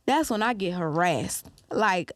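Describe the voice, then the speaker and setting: A young woman with a Detroit accent, chatting as an interview guest, animated and quick to laugh as she acts out what people say. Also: lowish voice, no echo, clean studio sound. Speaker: guest musician. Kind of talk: casual interview chat.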